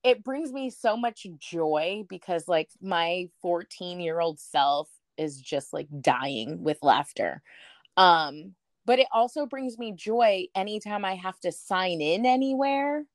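A woman telling a personal story as an interview guest, animated, acting out the voices of the people she quotes, with lots of "like". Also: on the low side, dry recording, studio quality. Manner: frequent "like" fillers.

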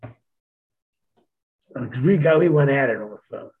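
A man's voice: mid-range voice, animated, moderate pace. A man telling stories in a casual chat, laid-back and profane, laughing often. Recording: tinny phone-like sound.

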